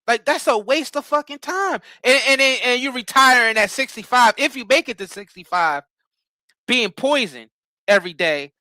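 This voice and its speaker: A man's voice: very high voice, expressive, normal speed, sharp tone, no echo. A man in heated casual political talk, emphatic and repeating words as he builds his point.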